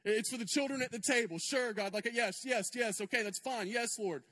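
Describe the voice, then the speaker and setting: A man's voice: extremely high pitch, moderate pace, bright, forceful tone, exaggerated voice. A man voicing a humble pleading mother. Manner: pleading, self-abasing yet persistent.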